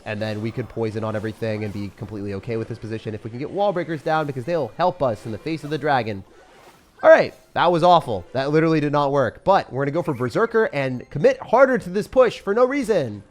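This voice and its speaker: A young man giving excitable, jokey commentary over his own gameplay, swinging from loud hype to low mutters. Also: fast talker. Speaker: gaming commentator.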